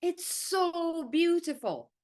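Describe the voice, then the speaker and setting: A woman's voice: very high-pitched, lively intonation, takes it slowly, darkish tone, voice pushed up, full character voice. A woman performing a monologue as a dry, tongue-in-cheek woman who lectures others about faith. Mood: indignant. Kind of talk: monologue reading.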